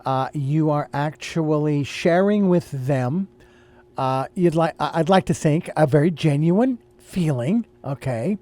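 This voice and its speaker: Older man, halting and searching for words. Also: a little high, a little mellow. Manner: hesitant, searching for words with many restarts. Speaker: host. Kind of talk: casual spiritual talk.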